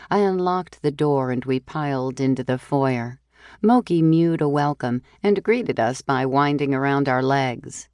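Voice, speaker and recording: Low, slow-paced woman narrator. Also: darkish tone, no room sound, clean studio sound. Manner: measured, unhurried storytelling. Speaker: audiobook narrator. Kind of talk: scripted narration.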